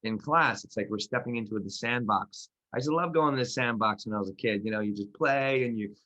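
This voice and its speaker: A man's voice: mid-range voice, brisk, pushed and bright. Rambling man telling a self-deprecating story. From Philadelphia. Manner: rambling, self-correcting, laughs at himself. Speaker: podcast co-host and class teacher. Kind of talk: casual chat, then guided grounding practice.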